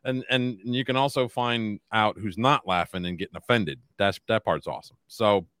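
A man with a lowish voice in casual podcast banter, laid back and unhurried as he tells stories and reads out headlines. He's on a close, dry mic. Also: clean tone, no room sound. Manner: relaxed storyteller, reads news items aloud. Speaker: podcast co-host.

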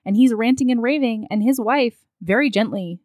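Woman excitedly retelling a movie, does the characters' voices, dry close sound. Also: on the high side, moderate pace, no room sound. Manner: animated retelling, acting out characters' lines. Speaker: podcast co-host recapping a film. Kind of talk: casual chat. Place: her living room.

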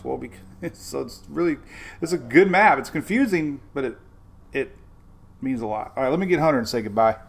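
A man's voice: mid-range voice, expressive, a little fast, creaky, husky. A man hosting a casual live weather update, talking directly to his viewers in a chatty, informal way and often repeating himself. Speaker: weather show host.

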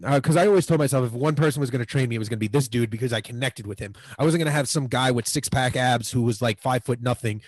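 Man, twenties, podcast guest, casual rambling storytelling, constant fillers, mid-pitched voice. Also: fast talker, hardly any pauses, no echo, poor audio. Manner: rambling, filler-heavy, lots of "like" and "you know".

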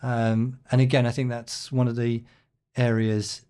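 Measured man explaining things with ums. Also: medium pitch, little pitch movement, warm tone, clear, resonant tone. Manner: thoughtful, measured, with frequent ums and restarts. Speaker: headteacher. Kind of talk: podcast interview answers.

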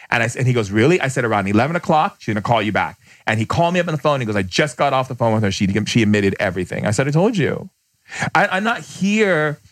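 A man, a podcast guest who is a shaman, telling stories in conversation, blunt and emphatic, often acting out the people he quotes with sudden jumps in pitch. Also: no echo. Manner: emphatic, blunt, fast bursts. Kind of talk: animated storytelling in conversation.

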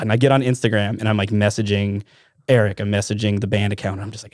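Fast-talking, animated storyteller man from Alaska. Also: fairly low pitch, no room sound, clean studio sound. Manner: animated, rambling, self-interrupting. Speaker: podcast guest. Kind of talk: casual storytelling.

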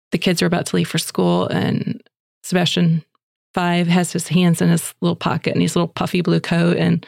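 Woman podcast host, faith show, some vocal fry, dry close mic, chatty storyteller. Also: lowish voice, no room sound. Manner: chatty, animated storytelling with voiced quotes. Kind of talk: faith podcast monologue with prayer and stories.

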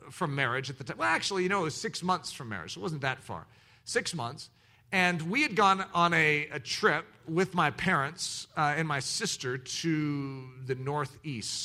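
Middle-aged male preacher, very bright voice, a bit higher than most men, animated self-mocking storyteller. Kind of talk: storytelling sermon.

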